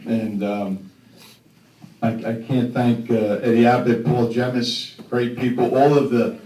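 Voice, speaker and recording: A man's voice: mid-range voice, flat delivery, measured pace. Man thanking family, echoey hall. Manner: warm, rambling, stammering restarts, joking asides. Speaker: honored mayor giving thanks. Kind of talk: emotional thank-you speech. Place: banquet hall. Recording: echoey hall from far off, faint noise.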